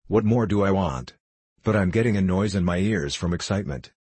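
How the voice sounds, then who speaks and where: A man plays an anxious suitor in his thirties who keeps fretting and tripping over his words. His voice is very deep and husky. It is a dry, close audiobook play reading. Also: fairly quick, a little mellow, no echo. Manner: fretful, flustered, stumbling over words. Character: nervous 35-year-old male suitor, anxious and hypochondriac.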